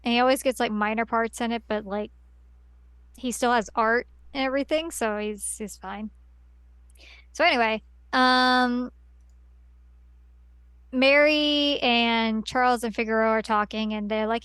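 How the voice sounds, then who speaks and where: A woman's voice: fairly high pitch, fairly even intonation, measured pace, fairly bright tone, clear, resonant tone, dry recording. A woman on a podcast, casually recapping a story at length with lots of fillers and restarts. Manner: rambling plot recap with many fillers. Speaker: podcast co-host. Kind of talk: casual chat.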